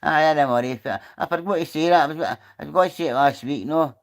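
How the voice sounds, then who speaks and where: A man's voice: on the high side, fast talker. Chatty Scottish man rambling on a livestream. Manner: rambling, chatty, swears freely. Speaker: livestream host. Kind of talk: casual livestream chat. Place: outdoors.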